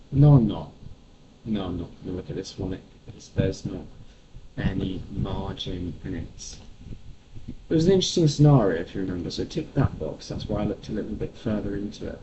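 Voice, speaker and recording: A man livestreaming as a property investor, thinking aloud with exclamatory asides in casual commentary at home. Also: lowish voice. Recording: dull lo-fi sound with background noise.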